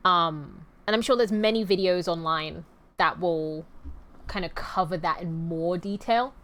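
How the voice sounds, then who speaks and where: A young adult woman streamer chats casually on a livestream, her voice on the low side, unhurried and a bit bright. She rambles and cuts herself off, laughing easily.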